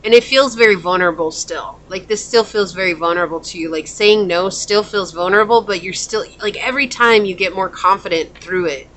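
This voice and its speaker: Bright-voiced woman reading tarot cards. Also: medium pitch, a little fast, few pauses, slight background noise. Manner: animated, laughing, acts out quoted voices. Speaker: tarot reader. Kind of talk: casual pick-a-card tarot reading.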